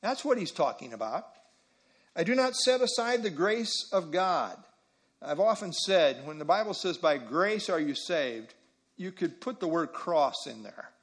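A man's voice: a little high, big pitch swings, unhurried, fairly bright tone. A man preaching an expository sermon, reading scripture aloud and explaining it, repeating key phrases with frequent fillers.

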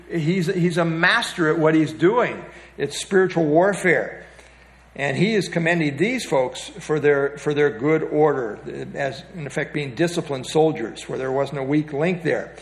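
A man's voice: a little high, a little slow. A man giving an expository Bible lesson, reading from printed notes and stopping often to direct listeners to the page. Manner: reads from notes with frequent fillers and restarts, pointing to the page. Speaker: Bible teacher.

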